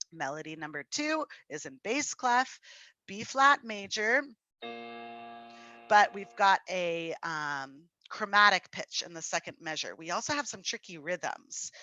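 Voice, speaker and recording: A woman's voice: lowish voice, pushed and bright, no echo, lo-fi sound. A woman teaching a music theory exam-prep lesson, patiently explaining and encouraging students she calls friends. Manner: slow, patient explaining with fillers. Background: faint piano.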